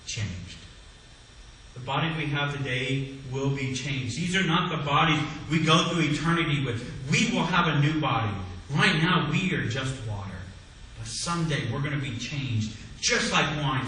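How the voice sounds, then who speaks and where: A male pastor preaching a sermon, swinging between loud exclamations and hushed low phrases. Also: a little hiss or hum. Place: church sanctuary. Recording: echoey church hall, mic at a distance.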